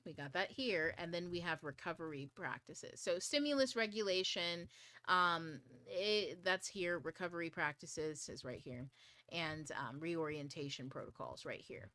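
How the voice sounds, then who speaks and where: A woman's voice: fairly low pitch, pushed and bright, no echo. A woman hosting an online study group livestream, talking in a chatty way with frequent swearing and a few whispered asides. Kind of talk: casual livestream talk.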